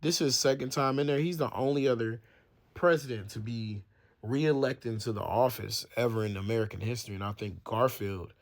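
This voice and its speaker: A man's voice: medium pitch, fairly quick. A man reading Bible verses aloud and explaining them in casual slang, stumbling over words and acting out the people in the story. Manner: stumbles and restarts, thinks aloud while checking facts. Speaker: Bible teacher.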